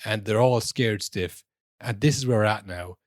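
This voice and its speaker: Low-voiced man ranting about football. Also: normal speed, dry recording, clean studio sound. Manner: sweary, animated ranting with many restarts. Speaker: podcast co-host.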